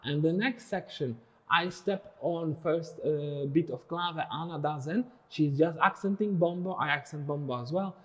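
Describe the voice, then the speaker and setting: Male dance teacher, slightly high voice, counting beats and scatting drum patterns. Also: measured pace, a bit bright, lo-fi sound. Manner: counts and sings drum rhythms aloud. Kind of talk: follow-along dance lesson.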